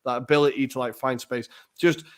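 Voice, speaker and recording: A man's voice: medium pitch, steady tone, brisk. A man co-hosting a podcast, chatting casually and animatedly about football, swearing now and then. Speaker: podcast co-host.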